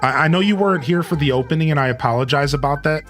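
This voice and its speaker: A man's voice: a little high, very fast, fairly bright tone. A man giving casual, chatty live-stream commentary on a game he is playing, talking to his viewers. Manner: casual, chatty, talks to chat.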